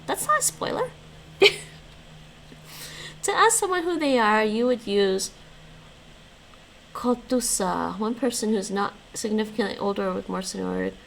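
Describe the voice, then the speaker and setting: Gravelly-voiced woman streamer reading lessons. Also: on the high side, animated, normal speed, pauses often, fairly bright tone, slight background noise, rough recording. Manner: reads lesson notes aloud and chats with viewers, laughing often. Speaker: language-learning streamer. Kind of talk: casual live-stream chat.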